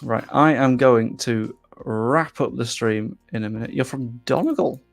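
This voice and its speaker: Young man, faint Yorkshire accent, gravelly edge, casual live-stream chatter, faint music underneath. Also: mid-range voice, unhurried. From England. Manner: chatty, self-deprecating, reads comments aloud. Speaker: streamer reading chat.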